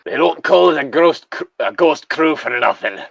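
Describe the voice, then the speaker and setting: A swaggering old pirate captain, as a man puts him on growls out threats in a slow, theatrical drawl. The voice swoops up and down with lively pitch. The sound is a little dull and lo-fi, in a dry room. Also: vocal fry, dry recording, heavily acted. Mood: blustering.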